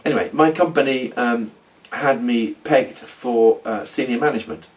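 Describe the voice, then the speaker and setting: A middle-aged man telling his story in a rambling, halting role-play monologue. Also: mid-range voice, far from the mic. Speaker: former oil company manager in a role-play.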